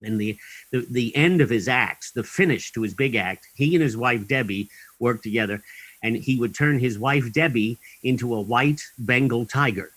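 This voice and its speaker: A man's voice: medium pitch, normal speed, fairly bright tone, no echo, poor audio. A man guest in an interview, telling long anecdotes in a rambling way with many ums and chuckles.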